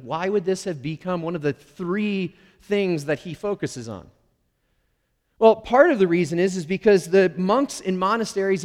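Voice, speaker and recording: A man's voice: sits high, a little mellow. A middle-aged male pastor giving a conversational, candid sermon with playful, self-deprecating asides. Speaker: lead pastor. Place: church sanctuary. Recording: long reverb of a large hall.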